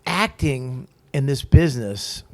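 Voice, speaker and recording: A man tells stories as a comedian guest in a relaxed interview, with plenty of swearing. He gets animated and acts out what other people said. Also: medium pitch, slow. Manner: profane, animated storyteller who acts out quotes. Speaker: stand-up comic guest. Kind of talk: casual storytelling interview.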